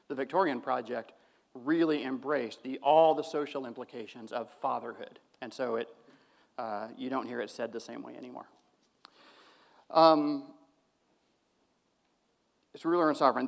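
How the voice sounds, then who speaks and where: A man's voice: medium pitch, steady tone, moderate pace, gravelly. A man presenting an academic theology paper, reading long quotations and breaking off for casual asides. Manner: reads quotations with asides and fillers. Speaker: theology lecturer.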